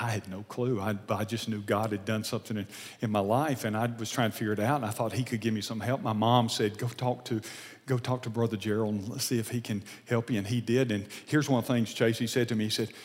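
Older male pastor, animated sermon delivery, acts out voices, long hall reverb. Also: lowish voice. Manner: animated, acts out dialogue, drops to whispers.

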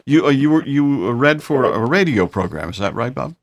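A man hosting a radio chat, asking a guest halting questions with many fillers. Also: medium pitch, very animated. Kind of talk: casual interview.

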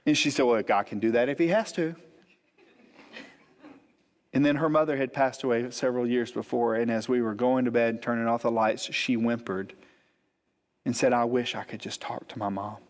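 A man, preaching as a pastor and telling a funny personal story, animated, acting out the quotes. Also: medium pitch, normal speed, pauses often. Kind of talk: storytelling sermon. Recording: long hall reverb.

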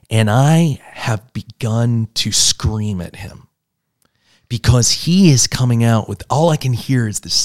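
Low-voiced earnest pastor, dry sound. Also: male voice, no room sound. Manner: earnest storytelling, builds to loud emphasis. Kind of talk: church podcast conversation.

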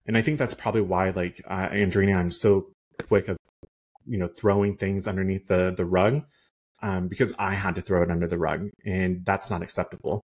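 A man with a very low, husky voice tells a story in casual podcast style. He rambles, filling his talk with "like" and "um". He sounds heated and indignant. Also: fairly even intonation, fairly quick. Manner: rambling, many "like" and "um" fillers. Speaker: realtor.

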